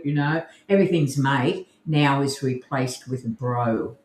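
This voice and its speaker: A man's voice: medium pitch, a little slow, hardly any pauses. A man with an Australian accent co-hosting a podcast in easygoing, rambling casual chat. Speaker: podcast co-host. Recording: roomy echo.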